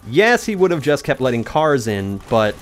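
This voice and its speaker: Speaking at normal speed and medium pitch over soft background music, this young gaming YouTuber tells a rambling personal story in his let's play commentary. He's animated and talks back to the game partway through.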